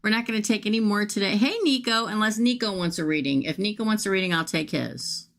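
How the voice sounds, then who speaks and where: A woman's voice: mid-range voice, quick pace. A woman tarot reader, chatting casually and folksily with viewers during a livestream reading.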